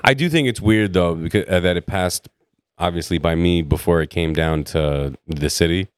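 A man's voice: sits low, normal speed, clean tone, no echo. A man co-hosting a casual podcast chat, making blunt, dry remarks. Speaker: podcast co-host.

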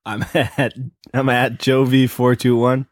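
A man chiming in on a casual podcast with quick wisecracks and laughs. His pitch sits in a mid range. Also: flat delivery. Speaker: podcast co-host.

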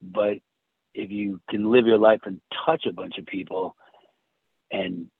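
A man telling a personal story in casual chat, halting and restarting often. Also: on the low side, steady tone, no echo. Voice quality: husky, halting with many restarts. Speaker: guest. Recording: tinny phone-like sound.

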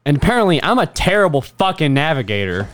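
A young man tells a comic story as an exasperated rant, swearing freely and laughing through his own complaints. His pitch swings widely, from low grumbling to high, outraged peaks. He sounds like a podcast co-host sitting with friends. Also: very animated, fast, over music. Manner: profane, exasperated, laughing ranter.

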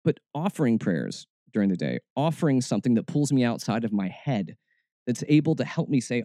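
A man's voice: mid-range voice, sing-song, fairly quick, dark tone, no echo, studio quality. A man hosting a faith podcast, talking in a casual, reflective way and often restarting his words. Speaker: podcast host.

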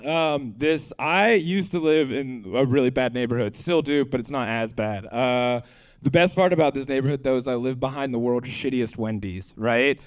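Man, stand-up comic, handheld stage mic, laughs through punchlines, deadpan asides, comedy club stage. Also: mid-range voice, moderate pace. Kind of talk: stand-up set and banter.

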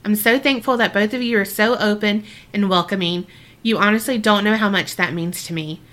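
Bright-voiced bubbly woman co-host. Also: medium pitch. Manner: bubbly and reactive, quick exclamations. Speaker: podcast co-host. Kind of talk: casual chat, reading a listener letter.

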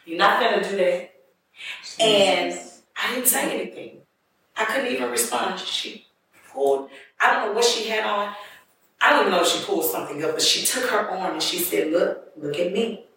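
A woman's voice: medium pitch, moderate pace, pushed and bright, slight background noise. A woman giving an earnest, emotional personal testimony in a conversational way. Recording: distant mic in echoey room.

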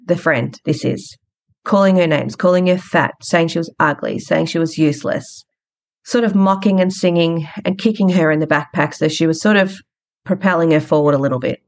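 Chatty woman, lowish voice. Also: moderate pace. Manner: frank, chatty, retells conversations. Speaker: podcast host. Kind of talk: casual storytelling monologue.

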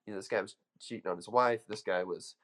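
A man's voice: lowish voice, steady tone, fast, fairly bright tone, slight background noise. A man coaching an audience with an emphatic, storytelling motivational speech, full of restarts. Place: room with an audience.

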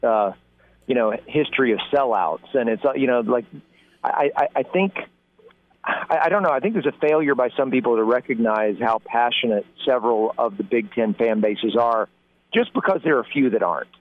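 A man's voice: medium pitch, a little fast. Guest analyst man on a phone line. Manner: conversational, many fillers. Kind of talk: radio interview by phone.

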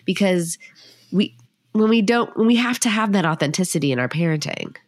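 A woman's voice: medium pitch, lively intonation, a little fast, dry recording. A woman hosting a podcast as a child therapist, speaking in a thoughtful, explanatory way with frequent fillers. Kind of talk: casual podcast conversation.

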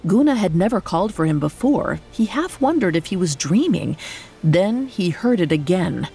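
A woman narrating a scripted horror story in a measured, deliberate way. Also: fairly low pitch, very animated, vocal fry, dark tone, soft background music. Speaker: podcast storyteller.

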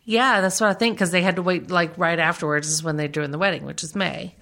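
A woman's voice: on the low side, steady tone, brisk, fairly bright tone. A woman with a Southern American accent, chatting and gossiping casually as a podcast co-host, with lots of fillers and laughter. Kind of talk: casual celebrity gossip chat.

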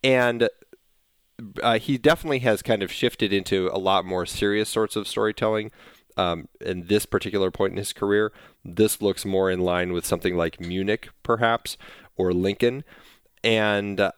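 Male podcast host; low pitch, dry studio sound, thoughtful and hesitant. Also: steady tone, normal speed, clean tone, dry recording. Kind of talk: casual film discussion.

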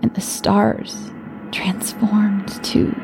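Female narrator for a dark fiction story: hushed, half-whispered, unhurried, with a gravelly edge. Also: medium pitch, little pitch movement. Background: music.

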